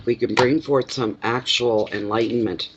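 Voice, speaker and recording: A man's voice: medium pitch, steady tone, normal speed. Lo-fi stuffy-nosed man rambling. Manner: rambling, talks to himself while preparing. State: stuffy nose. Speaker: card reader. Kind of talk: casual live card reading. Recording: lo-fi with clear background noise.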